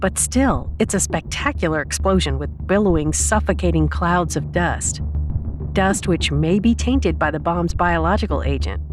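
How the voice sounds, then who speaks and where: A woman's voice: lowish voice, lively intonation, normal speed, over music, natural voice. A woman narrator voicing a knowledgeable young male tinkerer who explains things in a matter-of-fact, lecturing way. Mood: explaining.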